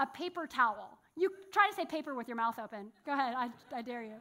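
A young woman with a high, bright voice preaches to her congregation. She tells stories in an animated way, acting out what happened. Her voice is sharp and clear, and the room is a church sanctuary. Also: quick pace, few pauses. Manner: animated storytelling, acting out a locked jaw. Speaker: pastor. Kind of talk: sermon.

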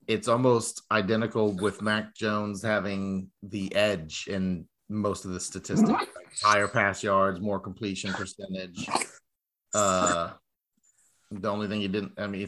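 A man's voice: lowish voice, fairly bright tone. Man rattling off standings with teasing asides. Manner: reads standings fast, teasing, filler-heavy. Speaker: podcast host. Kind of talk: casual sports chat.

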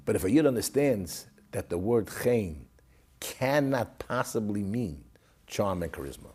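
Animated husky man telling a story. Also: fairly low pitch, unhurried. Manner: animated storytelling, swings from loud to hushed. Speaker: guest recalling his father. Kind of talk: storytelling interview.

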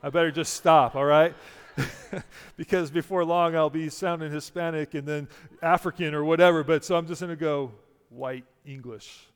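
Smooth-voiced pastor preaching in a reverberant hall. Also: male voice, fairly high pitch, steady tone, moderate pace. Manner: prayerful, softening to near-quiet, with many restarts. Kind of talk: sermon.

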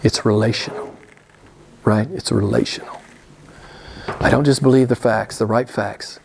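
A man's voice: on the low side, fairly even intonation, a little slow, gravelly, a little mellow, a little hiss or hum. A man preaching a sermon to a small group, emphatic, repeating his key phrases and asking rhetorical questions. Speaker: pastor.

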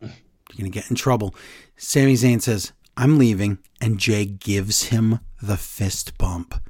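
A man's voice: on the low side, a little slow, slightly rough, no echo, studio quality. A man co-hosting a casual podcast chat, recapping wrestling and acting out the quotes in different voices. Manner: animated, acts out quotes with voice changes.

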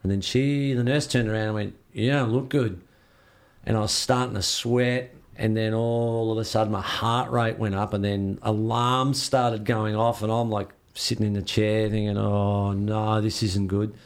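Telling a story casually during an interview, a male guest speaks at a moderate pace in a fairly low voice. He's lively and performs the lines others said to him.

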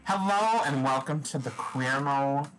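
A man's voice: medium pitch, lively intonation, a little slow, fairly bright tone, faint music behind, rough recording. A man from the US Midwest co-hosting a podcast in casual chat, chatty and laughing often. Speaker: podcast co-host.

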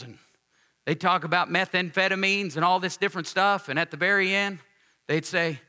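A pastor delivering a folksy sermon, rising to emphatic calls to the congregation. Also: male voice, sits high, moderate pace, pushed and bright, clear, resonant tone.

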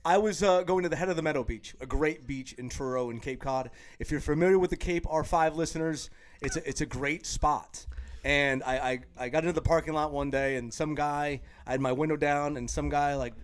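Male podcast host, slightly high voice, excitable and laughing, casual chat. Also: fairly quick. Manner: excitable, laughs often, stammers and restarts.

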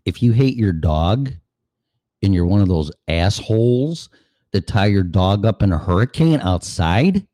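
A man's voice: lowish voice, lively intonation, a little slow, dark tone, no room sound, clean studio sound. A man hosting a show, ranting sarcastically and cursing, now and then acting out other voices. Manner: acts out voices mid-rant. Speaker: show host. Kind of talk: opinion monologue.

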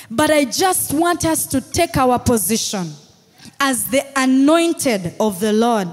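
A woman pastor with a Ugandan English accent, preaching a sermon with shouted declarations and call-and-response to the congregation. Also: high-pitched. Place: church hall. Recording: long reverb in a large hall with music.

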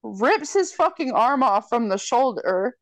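A woman's voice: fairly high pitch, unhurried, no echo. A woman in casual chat, recapping a film plot with lots of swearing and acted-out quotes. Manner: profane, animated storytelling with quoted voices. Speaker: podcast co-host recapping a film.

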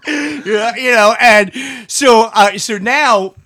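A man's voice: very high voice, slow, very noisy. A middle-aged man telling a rambling, profane story in casual chat, often laughing at his own words and piling up fillers.

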